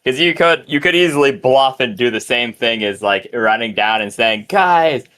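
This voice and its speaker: A man's voice: medium pitch, moderate pace, bright, forceful tone. A man narrating and ruling as game master of a tabletop game, loose and chatty with fillers.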